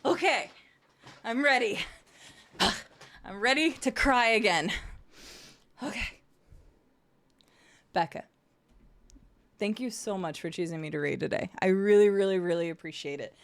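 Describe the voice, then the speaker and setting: Excitable woman streamer. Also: medium pitch, a little slow, pauses often. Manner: excitable, emotional, swears casually. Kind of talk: casual live-stream gaming chat.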